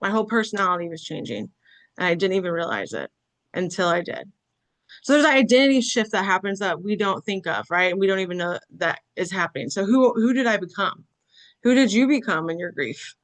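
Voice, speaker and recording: A woman's voice: medium pitch, lively intonation, a little fast. A middle-aged woman speaks to an audience about grief in a candid, self-deprecating way. Her voice sits in an ordinary middle register. She keeps tagging her sentences with "right?" and "okay?" as she tells her stories. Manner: conversational, frequent "right?" and "okay?" tags. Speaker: conference speaker. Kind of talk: motivational talk on grief.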